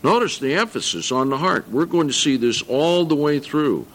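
An older man preaching a sermon to a congregation, earnest, slowing down to stress scripture and correcting himself as he goes. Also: fairly high pitch, lively intonation, a bit bright. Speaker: pastor.

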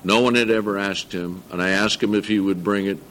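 A man's voice: fairly low pitch, steady tone, fairly bright tone, slight background noise. Earnest older man preaching a sermon. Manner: earnest, reads scripture slowly with emphasis, corrects himself. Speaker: pastor.

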